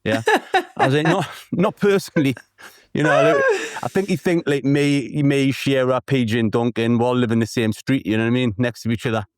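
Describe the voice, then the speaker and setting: A man's voice: mid-range voice, big pitch swings, fairly quick, no room sound, clean studio sound. A man with a Geordie accent, chatting casually as a podcast guest, rambling and full of "you know what I mean". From North East England. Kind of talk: casual conversation.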